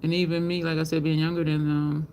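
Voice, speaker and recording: A fast-talking woman with a deep, slightly mellow voice and little pitch movement runs a casual home livestream near an open balcony window. She laughs a lot, tells meandering stories, answers viewers and calls them "y'all," with faint street traffic in the background.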